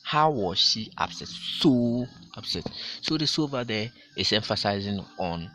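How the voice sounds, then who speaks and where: A male teacher takes his class through a grammar lesson slowly, repeating every example and stressing the key words hard. His slightly low voice sounds bright, forceful, and animated. A faint hiss runs beneath it.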